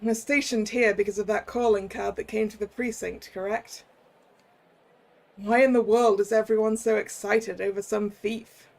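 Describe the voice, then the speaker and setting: A streamer voicing a polite young male detective with a put-on northern English accent, a bit gravelly. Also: high voice, steady tone, moderate pace, a little mellow. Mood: earnest. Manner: earnest, polite. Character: young male detective newly arrived from Manchester.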